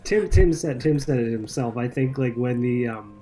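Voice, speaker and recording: A man's voice: mid-range voice, normal speed, warm tone, soft background music, poor audio. A man co-hosting a podcast in casual chat, easygoing and agreeable, with hesitant fillers. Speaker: podcast co-host.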